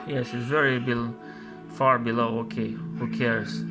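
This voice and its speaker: A man talks at an unhurried, drawn-out pace, scoffing and repeating his jabs as he picks apart a clip. His voice sits at an ordinary pitch while clear music plays behind him. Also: fairly even intonation. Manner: mocking, scolding, repeats himself. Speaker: video commentator. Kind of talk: scornful commentary over a video.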